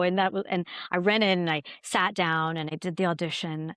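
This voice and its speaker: A middle-aged woman, an actor guest, telling stories in an earnest, animated way. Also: lowish voice, a little fast, clean tone, no echo, clean studio sound. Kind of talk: conversational interview storytelling.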